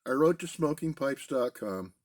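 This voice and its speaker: A middle-aged man chatting casually in a relaxed, rambling way from a basement den at home. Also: mid-range voice, normal speed. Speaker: pipe-smoking video host. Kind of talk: casual pipe-smoking chat.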